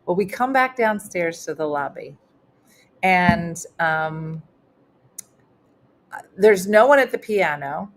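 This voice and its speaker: A middle-aged comedian hosting a casual web chat show talks in a fairly low, animated voice. She takes her time and pauses often, telling chatty stories loaded with fillers in a live-stream manner.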